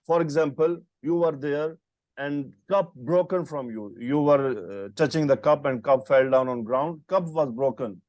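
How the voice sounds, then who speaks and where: Over a video call on a computer mic, a man teaches Arabic grammar, patiently quizzing his student with short questions. His mid-range voice is unhurried and darkish, with no echo.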